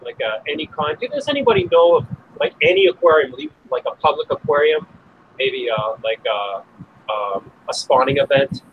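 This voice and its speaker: A man's voice: mid-range voice, huge pitch swings, normal speed, phone-quality sound, slight background noise. A man in a casual group chat who asks questions hesitantly, with many fillers. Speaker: reef hobbyist, chat participant.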